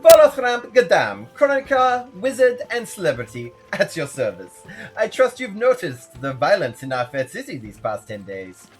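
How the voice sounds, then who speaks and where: A man's voice: sits high, huge pitch swings, moderate pace, soft background music, voice pushed up. A man putting on a showy boastful wizard. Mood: grandiose. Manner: theatrical, fumbling with many fillers. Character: flamboyant male wizard chronicler, showy and eager.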